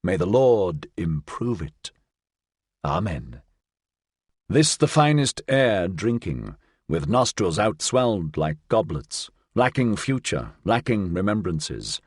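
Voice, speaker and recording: A man's voice: low-pitched, very animated, slow, breathy edge, dry recording, studio quality, full character voice. A man reading the part of a wanderer's shadow who sings a mock-pious desert song with declamatory, swinging delivery. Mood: mock-tender. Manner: declamatory, swinging between hushed and loud exclamations. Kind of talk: dramatic audiobook reading.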